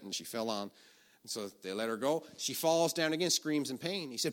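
A male preacher delivering a sermon in a bright, slightly high voice. He tells his story with animated energy, bursting into shouted commands and then falling to a soft, low tone for asides. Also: a little fast.

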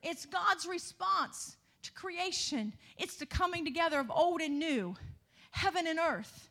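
High, bright-voiced woman preaching. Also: animated, measured pace. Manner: rising to shouted emphasis, calls of hallelujah; conversational asides to the congregation. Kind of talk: sermon.

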